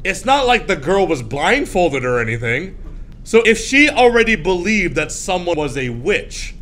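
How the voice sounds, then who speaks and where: A male teacher giving a classroom lecture, animated, often jumping into high shrill voices to act out scenes. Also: slight background noise. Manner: animated, acts out shrill voices of frightened girls.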